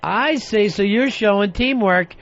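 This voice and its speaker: A man's voice: sits high, a little slow, fairly bright tone, slight background noise. A man hosting a radio talk show, taking calls and scolding in a brash, profane, mock-stern way. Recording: dull dry 2000s radio broadcast.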